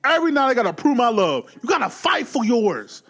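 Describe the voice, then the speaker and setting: A man giving a casual, animated movie recap, swearing freely and acting out the scenes as he goes. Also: extremely high pitch, brisk, faint music behind. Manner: animated, profane, acts out scenes. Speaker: film reviewer.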